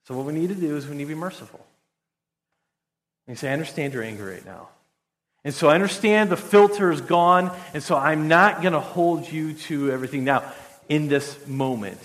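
Male pastor, standing, chatty sermon delivery with restarts; long hall reverb. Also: fairly high pitch. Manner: conversational, repeats words when restarting. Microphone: standing while speaking.

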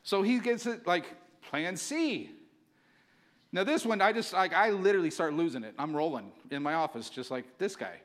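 A man's voice: sits high, expressive, moderate pace, a bit bright. A male pastor preaching a sermon, telling the story casually and with energy, filling it with likes.

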